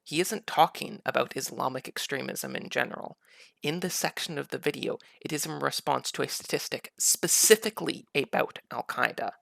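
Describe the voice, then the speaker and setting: A man's voice: medium pitch, normal speed, creaky, fairly bright tone, no room sound, clean studio sound. A man giving sarcastic, mocking political commentary over video clips. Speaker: commentary YouTuber.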